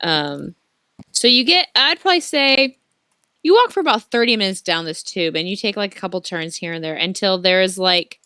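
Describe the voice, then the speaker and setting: A woman's voice: mid-range voice, animated, moderate pace, bright, forceful tone, smooth, dry recording, clean studio sound. A woman narrating a tabletop game as game master, rambling with many fillers and corrections.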